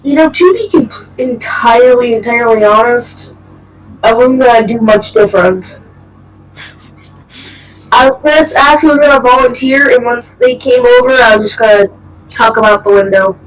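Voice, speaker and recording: A woman's voice: fairly high pitch, normal speed, far from the mic, low-quality recording. A woman playing in a role-play game, making dry wisecracks. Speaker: player.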